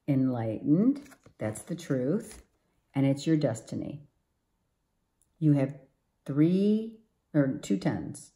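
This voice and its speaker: A woman's voice: sits low, mellow. A woman giving a tarot reading to viewers, emphatic and exclaiming, often repeating herself. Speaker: tarot reader.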